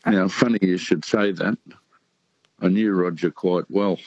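A man in his sixties with an Australian accent, calling in to a radio show and talking relaxed and rambling, with many pauses. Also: low-pitched, no echo. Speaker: caller. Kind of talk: casual phone chat. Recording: dull phone-in line.

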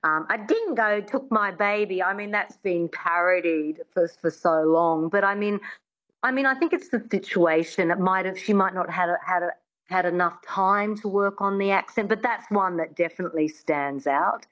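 A woman's voice: lowish voice, normal speed, fairly bright tone, dull audio. A woman working as a dialect coach, answering interview questions in a chatty way, often restarting with "I mean".

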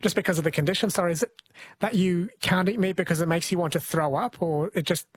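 A host chatting casually and asking a guest questions in a relaxed way. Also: mid-range voice, quick pace, husky, no echo. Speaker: radio host. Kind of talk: casual interview chat.

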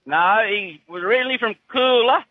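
A man's voice: sits high, brisk, slightly rough, no room sound. A man with a broad rural Australian accent, calling in to a radio show and chatting in a laconic, dryly humorous way. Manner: laconic, dry humour, says "mate" a lot. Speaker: caller. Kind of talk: casual radio phone-in chat. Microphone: phone. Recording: tinny phone line.

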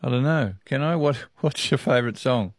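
A man's voice: mid-range voice, moderate pace, dry recording, studio quality. A man with an Australian accent hosting talkback radio, chatting folksily with callers and laughing easily. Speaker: radio host taking calls. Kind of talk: casual talkback radio chat.

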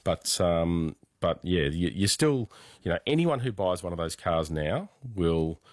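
A man answering listener questions about cars on a radio call-in show, measured and explanatory, with many fillers. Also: low-pitched, lively intonation, darkish tone, no echo, clean studio sound. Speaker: motoring expert on radio.

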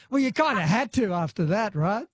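A man hosting talkback radio who reacts to callers in a friendly, encouraging way. His voice is high and swoops around a lot, and it sounds dry and close. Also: big pitch swings, moderate pace, no echo. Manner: friendly, encouraging, laughs easily. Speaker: radio host.

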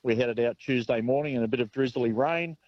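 A man's voice: mid-range voice, fairly quick, no echo, dull audio. A man with an Australian accent calling in to a radio show, speaking hesitantly with many fillers. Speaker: caller reporting from a charity car rally. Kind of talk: casual phone-in chat.

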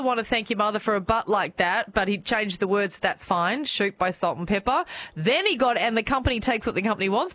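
A woman's voice: mid-range voice, fairly bright tone. A woman hosting a radio song quiz, bubbly and encouraging, laughing often. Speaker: radio host.

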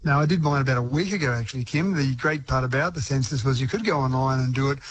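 A man with a New Zealand accent, a regular tech expert, talking through scams in a chatty, brisk radio interview. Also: mid-range voice, poor audio.

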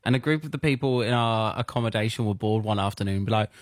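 A man's voice: lowish voice, fast talker, dry recording, clean studio sound. A man co-hosting a casual radio chat, laughing often and acting out quotes in silly voices. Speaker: radio co-host.

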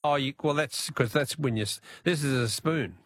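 A man's voice: mid-range voice, normal speed. A man with an Australian accent, hosting a talkback radio quiz, chatting and laughing easily with callers. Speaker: radio host.

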